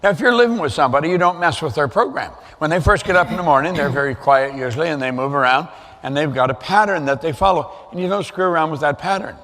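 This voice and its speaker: An older man speaks to a seminar audience with a fairly high voice, driving his points home through repetition. The sound rings with a long hall reverb. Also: quick pace, a bit bright. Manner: emphatic, repeats points for effect. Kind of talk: motivational seminar talk.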